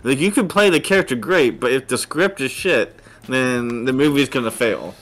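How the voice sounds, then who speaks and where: Halting, repetitive male co-host. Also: medium pitch, expressive, fairly bright tone. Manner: halting, repeats words and restarts. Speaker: podcast co-host. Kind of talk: casual chat.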